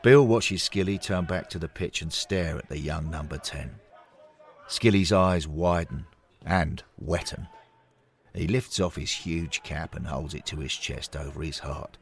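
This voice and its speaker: A man narrating a scripted story in an unhurried, expressive way. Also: extremely low pitch, gravelly.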